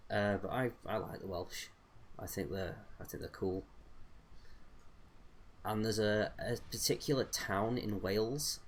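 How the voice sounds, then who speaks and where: A young man chatting casually in a rambling way, with many fillers, while commentating his own gameplay. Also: fairly low pitch. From United Kingdom. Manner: rambling, chatty, with frequent fillers and self-corrections. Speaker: gaming streamer. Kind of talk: casual let's-play commentary.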